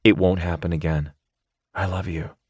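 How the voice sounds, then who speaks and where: A man's voice: deep voice, steady tone, moderate pace, a little mellow, breathy edge, no echo, clean studio sound. A man voicing a playful, affectionate young woman who sounds breathless and apologetic in an audiobook.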